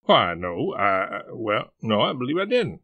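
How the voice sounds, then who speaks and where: Man doing a kind old southern gent, gently pushy, gravelly, no room sound. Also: lowish voice, big pitch swings, unhurried, no room sound, narrow, tinny audio, heavily acted. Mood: hospitable. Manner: hospitable, gently insistent.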